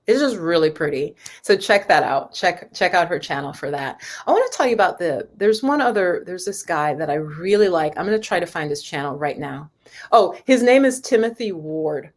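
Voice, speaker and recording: A woman's voice: sits low, expressive, moderate pace. A woman spiritual teacher chatting casually with viewers on a live stream, rambling and talking straight to her audience. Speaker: spiritual teacher and yoga host.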